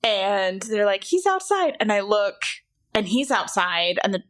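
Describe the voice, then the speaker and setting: A woman in her thirties co-hosting a podcast, telling stories in a casual, animated way and acting out her kids' lines. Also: mid-range voice, measured pace. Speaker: podcast co-host. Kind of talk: casual chat.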